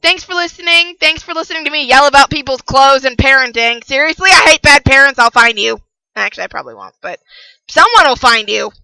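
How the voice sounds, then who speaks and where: A young woman giving a casual spoken book review, passionate and ranting, who repeats herself for emphasis and yells about parents. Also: high-pitched, animated, fast talker, no echo, poor audio.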